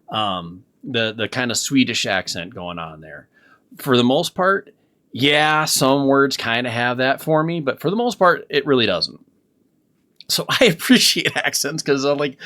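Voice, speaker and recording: Rambling halting man reacting to clips. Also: mid-range voice, bright, forceful tone. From Minnesota. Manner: rambling, halting, many restarts. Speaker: commentary channel host. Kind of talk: casual reaction commentary.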